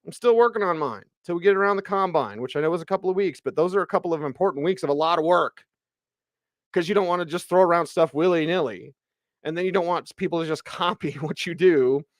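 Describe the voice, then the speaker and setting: Sports talk guy on a rant, punchy and worked up, kinda high voice, dry close mic. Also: fast talker, no room sound. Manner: animated, emphatic, ranting. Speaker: sports radio host.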